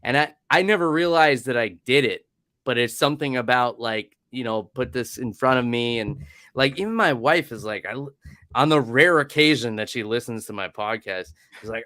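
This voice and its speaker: A man hosting a podcast in an easygoing, relaxed conversational way. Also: mid-range voice, moderate pace, no room sound, clean studio sound. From Northeast US. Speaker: podcast host. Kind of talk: casual chat.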